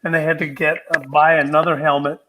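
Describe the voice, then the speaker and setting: Older man, slightly high pitch, halting "um"-filled delivery over a video call. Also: little pitch movement, bright, forceful tone, a little hiss or hum, rough recording. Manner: halting, many "um" and "uh" pauses. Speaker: panel guest, former cast member. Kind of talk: casual storytelling on a video call.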